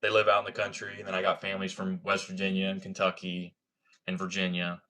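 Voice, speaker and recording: A young man from Ohio speaks quickly in a low, sharp voice with a completely flat delivery. Casual and relaxed on his livestream, he reads comments, curses liberally, and has a slight country twang.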